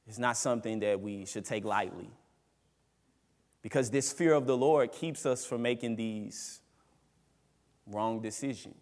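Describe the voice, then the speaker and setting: A man preaching a sermon as pastor, emphatic, swinging between loud rises and quiet drops. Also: mid-range voice, a little slow, in a large hall. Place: church sanctuary.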